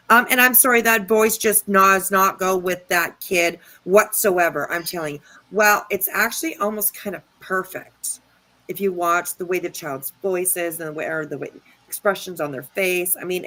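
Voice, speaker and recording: A woman's voice: mid-range voice, sharp tone, poor audio. A woman hosting a commentary channel, reacting to clips with sarcastic, profane scolding.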